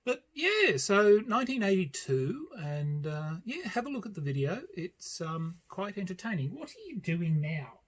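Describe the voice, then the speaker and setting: Slow husky older Australian man. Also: a little high, very animated. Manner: rambling and self-deprecating. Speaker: board game vlogger. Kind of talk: casual chat.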